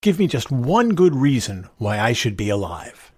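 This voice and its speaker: A man's voice: medium pitch, sing-song, moderate pace, slightly rough, dry recording, clean studio sound. A man voicing a young, despairing male bank clerk who speaks sullenly and bitterly. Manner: sullen, resentful outbursts.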